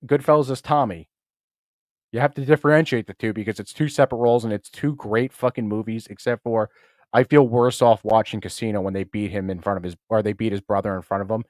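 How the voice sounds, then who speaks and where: A man with a lowish voice hosts a podcast, talking loosely and swearing freely. He sounds close to the mic in a dry, dead space with no room sound. Now and then he slips into quick offhand impressions. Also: steady tone, no echo. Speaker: podcast host. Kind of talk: casual podcast chat.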